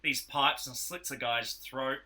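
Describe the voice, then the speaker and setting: A man's voice: medium pitch, fairly even intonation, a little slow, a crowd in the background. An Australian man co-hosting a podcast, animatedly retelling a film's plot in casual chat and acting out the characters' lines. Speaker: podcast co-host. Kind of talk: casual film review chat.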